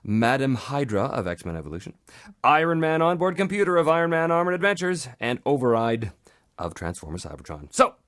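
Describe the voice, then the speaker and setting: Man, podcast host, from Canada, joking, animated intonation, dry close sound. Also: medium pitch, fairly quick, dry recording. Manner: joking, reads listener questions aloud. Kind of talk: casual podcast chat.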